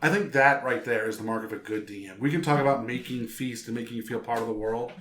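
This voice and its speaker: A man's voice: medium pitch, fast talker, roomy sound. A man co-hosting a casual chat about tabletop role-playing, swearing freely and acting out quotes in funny voices. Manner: profane, animated, acts out quotes. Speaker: podcast co-host.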